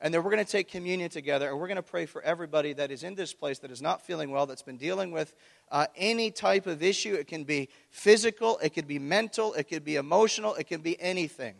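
A man's voice: on the high side, fast talker, gravelly. A man preaching a casual sermon as pastor, chatty and talking straight to the congregation. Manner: chatty, talks to the congregation, restarts often. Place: church hall. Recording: reverberant church hall.

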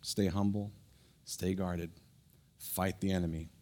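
A male pastor preaches with an energetic storytelling style, shifting down to a soft, low voice to stress a point. He stumbles quickly and restarts.

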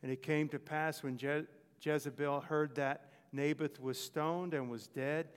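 A man preaches a sermon in a relaxed, talkative way, often stopping to check that his listeners are with him. His voice sits a little high for a man. It rings out with the long reverb of a large hall. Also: a little slow, clean tone. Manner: conversational, frequent "okay?" check-ins.

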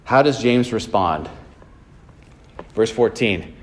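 A man's voice: mid-range voice, expressive, normal speed. A man preaching a sermon in a church, mixing plain storytelling with earnest, emphatic points. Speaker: pastor.

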